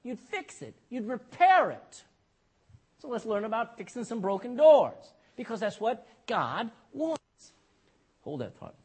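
Male pastor, sermon, high voice, husky, emphatic, peppered with amens. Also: very animated, measured pace, a little mellow. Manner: emphatic, repeats "amen" and "you know".

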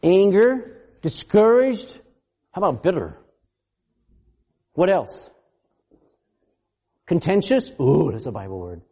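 A male pastor preaching a sermon in a high, mellow voice that swings widely in pitch. He quizzes the congregation, laughs often and acts out the voices he quotes. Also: takes it slowly, long pauses. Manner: animated, asks the congregation questions.

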